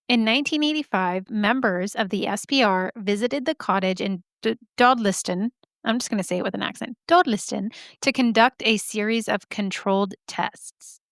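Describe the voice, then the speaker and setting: A woman's voice: mid-range voice, a bit bright, no echo, clean studio sound. A woman hosting a podcast, telling a story casually with joking asides and lots of "like". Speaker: podcast host.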